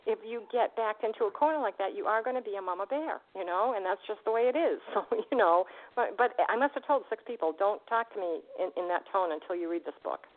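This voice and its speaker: A woman hosting a radio show, chatting with a caller and telling stories in a lively way, laughing often. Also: mid-range voice. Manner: fast, animated storytelling, laughs often. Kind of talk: casual radio interview chat. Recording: tinny phone line.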